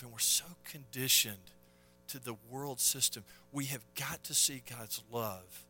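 A man preaching a sermon at a conference, telling a story and moving from loud emphasis to hushed tones. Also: mid-range voice, unhurried, faint music behind. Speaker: conference speaker.

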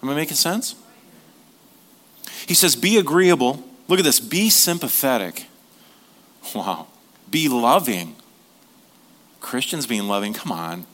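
A middle-aged male pastor delivering a sermon in a loose, conversational way, cracking jokes and tossing questions out to the congregation. His voice sits at an ordinary middle pitch for a man. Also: animated, unhurried, long pauses, fairly bright tone. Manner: conversational, joking preaching with audience questions.

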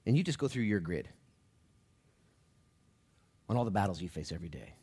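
A pastor preaches a sermon in church, talking conversationally to the congregation. His delivery drops low and quiet, then rises loud and emphatic. His voice is sing-song and a little fast, with a breathy edge.

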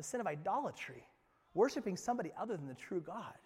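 High-voiced man preaching in a reverberant church. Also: sing-song, fast talker, slightly rough. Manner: dynamic preaching, swinging from loud emphatic lines to near-whispers; repeats words and restarts phrases when emphatic. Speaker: pastor. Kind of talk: sermon. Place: church sanctuary. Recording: long hall reverb from a church room.

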